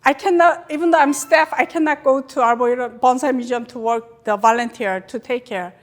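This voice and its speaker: A woman from Korea with a Korean accent and a native Korean speaker, giving a chatty, animated guest lecture to a club, in English with non-native grammar. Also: sits high, a little fast. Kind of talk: lecture with slides.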